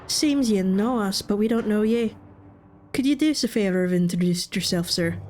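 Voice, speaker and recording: A woman voicing a calm, mocking mob boss who speaks in a slow, mock-polite drawl, reading his lines in a game. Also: medium pitch, soft background music, close to an everyday voice. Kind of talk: game voice acting.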